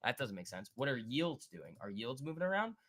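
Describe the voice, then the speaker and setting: A man hosting a live stock trading stream, thinking aloud and answering chat in an excitable, quick way. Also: medium pitch. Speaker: stock trading livestream host. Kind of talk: live market commentary reading chat.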